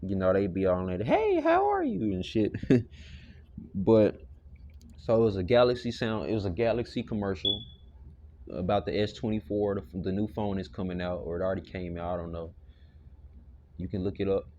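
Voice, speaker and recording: A man with a low voice leads an informal Bible lesson, rambling in a relaxed, conversational way. He leans on "you know" and drops the occasional curse. The recording is dull and lo-fi. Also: normal speed, long pauses. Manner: loose and conversational, with frequent "you know" and profane asides. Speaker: Bible teacher. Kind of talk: casual spoken Bible lesson.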